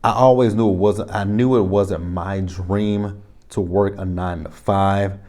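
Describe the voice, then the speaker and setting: A man's voice: low-pitched, steady tone, a little slow, warm tone. A man, reviewing a reality show in a casual, rambling vlog from his home studio. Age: 30s. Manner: rambling, self-correcting, retells conversations.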